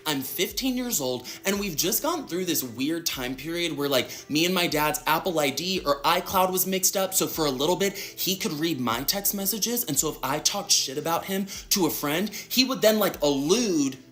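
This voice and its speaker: A man's voice: on the high side, expressive, normal speed, hardly any pauses, fairly bright tone. A young man from Dallas telling a long personal story in a casual, dramatic way, acting out what other people said. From Dallas, Texas. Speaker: storyteller in a played clip.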